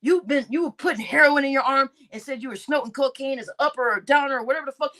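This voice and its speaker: This livestream host is a woman ranting angrily, full of profanity and repetition. She speaks at a quick pace in a high-pitched, sharp voice.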